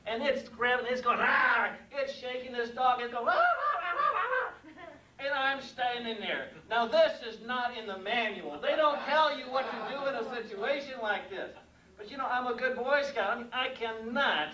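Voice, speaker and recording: An older man giving a humorous speech about his work as a mailman, animated, chuckling at his own jokes and acting out sounds. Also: high voice, a little hiss or hum. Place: meeting room with audience. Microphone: far room mic. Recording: echoey room from far off.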